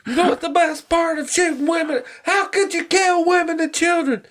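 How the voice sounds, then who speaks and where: A man's voice: very high-pitched, steady tone, normal speed, a bit bright, voice pushed up. A man voicing a harsh male drill instructor from a war film, barking in a sardonic way.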